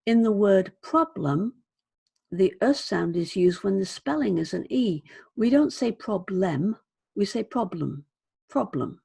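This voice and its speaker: A woman's voice: mid-range voice, expressive, measured pace, creaky, dark tone, slightly rough. A British woman teaching English pronunciation, carefully demonstrating sounds by repeating words. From Britain. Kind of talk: slow, careful pronunciation lesson.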